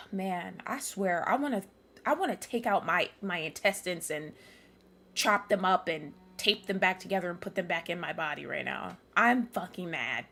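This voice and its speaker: A woman's voice: on the low side, animated, a little slow, creaky, pushed and bright. A young woman streamer commenting live on a game, ranting angrily and swearing at the characters. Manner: angry, profane, ranting at characters.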